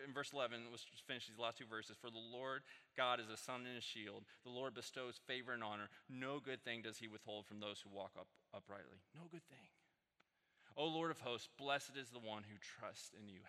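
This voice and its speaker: A man preaching a sermon as pastor, telling stories in a loose conversational way that rises into animated peaks. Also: mid-range voice, moderate pace. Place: church sanctuary. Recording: reverberant hall.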